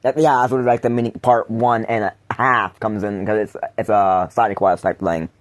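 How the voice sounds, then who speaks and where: A man's voice: lowish voice, fairly even intonation, normal speed. A man hosting a casual podcast chat, rambling with frequent laughs and restarted sentences. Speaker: podcast host.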